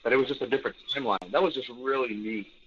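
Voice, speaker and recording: A man's voice: mid-range voice, racing. A man co-hosting a podcast, chatting casually and rambling through strong opinions. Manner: rambling, opinionated, does mock impressions. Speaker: podcast co-host. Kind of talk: casual chat. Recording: dull lo-fi sound.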